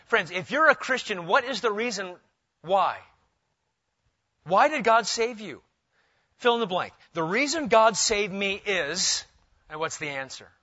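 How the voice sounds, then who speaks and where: Bright-voiced male pastor preaching. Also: high-pitched, a little slow, long pauses, no room sound, lo-fi sound. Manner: animated preaching, asks the congregation questions. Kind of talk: sermon.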